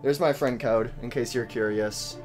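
A man giving casual gameplay commentary to his chat, excitable and joking in slang, yelping and shouting when startled. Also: medium pitch, normal speed, faint music behind. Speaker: gaming YouTuber.

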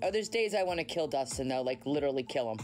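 Her voice is bass-deep, expressive and quick as this woman hosts a casual livestream on her phone from home at night, with music playing. She chats and teases while answering comments from viewers.

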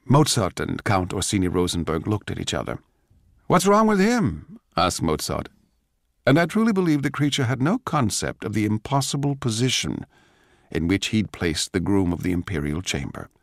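Gravelly older man narrating a drama. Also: sits low, animated, no echo, clean studio sound. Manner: measured, wry storytelling. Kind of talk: dramatic audiobook reading.

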